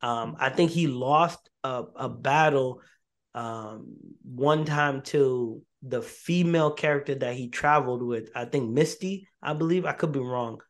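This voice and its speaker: A man hosting a podcast in casual chat, getting excited and repeating himself as he works out his point. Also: medium pitch, unhurried. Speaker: podcast host.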